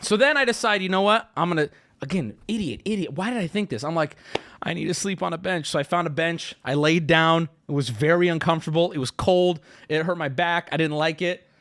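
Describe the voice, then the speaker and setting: A man's voice: fairly high pitch, a little fast, a bit bright. A man streaming live, telling stories and ranting at his chat in a profane, stammering, riled-up way. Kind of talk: casual livestream rant.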